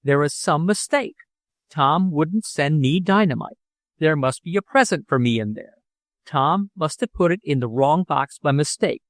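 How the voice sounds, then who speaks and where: A man voicing a calm, earnest young woman in an audiobook. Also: on the high side, a little slow, dry recording, studio quality. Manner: earnest, calm, sweetly insistent.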